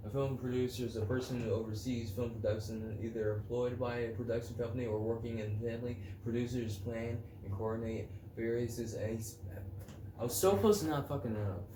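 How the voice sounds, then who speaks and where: Early in the morning in a room at home, a podcast host talks alone in a casual, crude, rambling way, cracking jokes and reading definitions out loud. His voice is mid-range and mellow, recorded in an echoey space with faint background noise.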